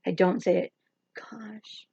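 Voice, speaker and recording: A woman's voice: mid-range voice, normal speed, gravelly, husky, dry recording. A woman hosting a chatty livestream makeup tutorial, rambling and teasing herself as she works. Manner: rambling, joking, self-teasing. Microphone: camera or phone livestream. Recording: dull lo-fi sound.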